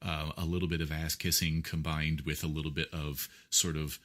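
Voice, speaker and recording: A man's voice: very deep voice, little pitch movement, normal speed, a bit bright. A man being interviewed, explaining music theory in a lecturing way, with frequent fillers and questions like "right?" to check that he is understood. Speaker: guest musician.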